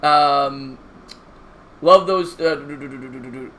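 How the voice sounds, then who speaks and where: A man in his 30s takes it slowly while calling baseball on a live stream, his mid-range voice a bit bright. Chatty and joking, he reads viewer comments out loud and shouts out the chat between plays.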